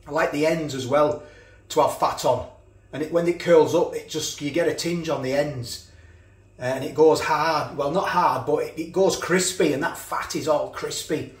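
A man with a slightly high voice talks at a moderate pace in an echoing home kitchen as he cooks and tastes food. It's a laid-back food review vlog, and he's talkative, eats mid-sentence and frequently restarts.

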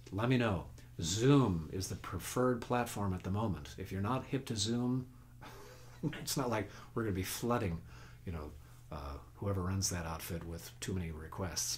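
A man's voice: fairly low pitch, slight background noise. A man teaching guitar on a casual webcast, folksy and chatty, counting beats and humming notes as he plays. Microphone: home webcast mic. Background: own guitar playing.

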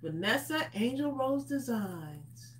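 A woman co-hosting a live crafting stream, reading viewer comments aloud with quick teasing banter and frequent laughs. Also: a little high, big pitch swings, a little hiss or hum, rough recording.

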